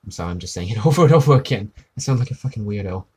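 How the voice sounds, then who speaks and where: A man with a fairly low voice who rambles through casual live-stream chat while he draws. He sounds tired, and he is self-deprecating and swears offhandedly. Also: lively intonation, racing, a little mellow, husky. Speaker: art streamer.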